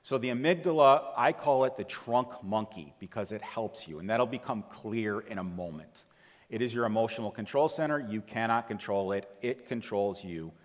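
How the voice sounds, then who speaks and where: A man giving a stage talk to a live audience, telling a personal story with lively delivery, acting out the voices of the people he quotes and putting questions to the listeners. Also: on the low side, moderate pace. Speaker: TEDx speaker. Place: large auditorium. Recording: long hall reverb.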